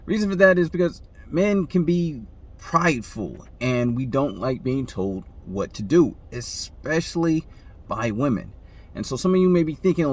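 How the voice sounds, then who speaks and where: In a casual monologue offering relationship advice, a man frequently asks "right?" and imitates the people he quotes with sudden pitch jumps. His delivery has big pitch swings at a moderate pace.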